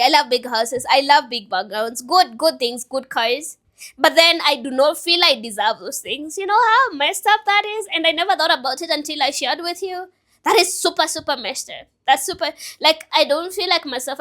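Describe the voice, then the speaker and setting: A young woman in her twenties speaks in a high, bright voice. She rambles through an emotional, self-reflective personal vlog, as if thinking aloud to the camera. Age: 20s. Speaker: vlogger and business owner.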